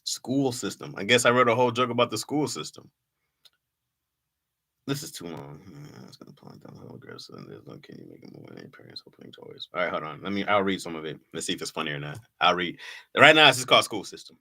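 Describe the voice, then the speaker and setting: A man's voice: low-pitched, very animated, quick pace, gravelly, pushed and bright. A man reading his old jokes aloud to a live chat in casual talk, laughing at them and mocking himself.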